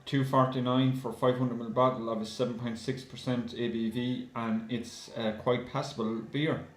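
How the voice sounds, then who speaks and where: Man, mid-pitched, casual chatty reviewer, hesitant fillers, echoey room. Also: level tone, normal speed. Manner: chatty, addresses viewers as guys, many ums. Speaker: beer reviewer. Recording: roomy echo.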